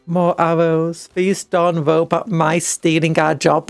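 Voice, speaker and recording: A British woman streamer talks through a game at an unhurried pace. She reads the upgrades aloud and drops jokey asides. Her voice has a gravelly fry, and it sits dry and close on the mic over faint music. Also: low-pitched, level tone, no echo. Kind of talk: casual gameplay chat.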